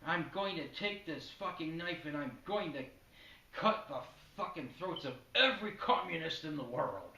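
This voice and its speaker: A man's voice: on the high side, lively intonation, normal speed, gravelly, sharp tone, full character voice. A man voicing a foul-mouthed, paranoid middle-aged sitcom father who snaps profane outbursts, heard in an echoey room from a distant mic. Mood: gruff.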